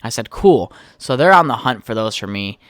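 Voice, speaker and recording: A man's voice: medium pitch, lively intonation, normal speed, fairly bright tone, dry recording, clean studio sound. A young man hosting his own podcast, telling a heated, profane story in a casual rant. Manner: profane, heated storytelling, trails off while texting. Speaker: podcast host.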